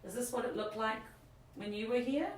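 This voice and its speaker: A woman co-hosting a live ghost hunt in an old inn, excitable and quick to exclaim at what she finds. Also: fairly high pitch. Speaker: ghost hunting co-host. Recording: echoey room, voice from far off, faint hiss.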